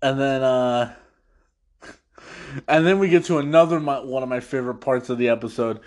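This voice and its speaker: A man on an after-show, recapping an episode in casual talk, laughing often and slipping into quick funny voices for the lines he quotes. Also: medium pitch, a little mellow. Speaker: podcast host recapping an episode.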